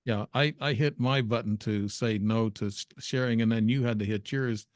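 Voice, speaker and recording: A man hosting a casual interview on a video call, asking quick follow-up questions. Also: mid-range voice, fairly even intonation, dry recording, studio quality. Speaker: host.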